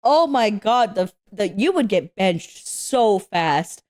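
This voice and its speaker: A young woman hosting an anime reaction, talking casually, swearing freely and shouting at the screen in excitement. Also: mid-range voice, takes it slowly.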